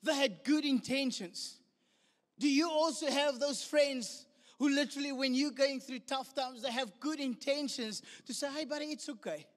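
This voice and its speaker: A man with a South African English accent preaching a sermon, animated, acting out the voices of the people he quotes. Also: extremely high pitch, moderate pace. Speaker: pastor. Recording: long hall reverb.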